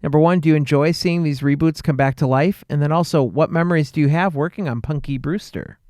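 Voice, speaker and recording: A man's voice: fairly high pitch, brisk, a little mellow, dry recording, clean studio sound. A man hosting a podcast, who asks friendly questions that run long and come in several parts. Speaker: podcast host. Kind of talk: interview questions.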